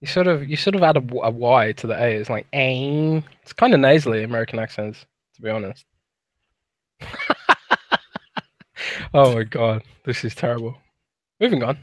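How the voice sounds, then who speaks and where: A man's voice: mid-range voice, moderate pace, long pauses, no room sound. A British man in his thirties co-hosting a podcast, chatty and working out his thoughts as he talks. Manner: chatty, thinks aloud in restarts. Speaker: podcast co-host. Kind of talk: casual podcast chat.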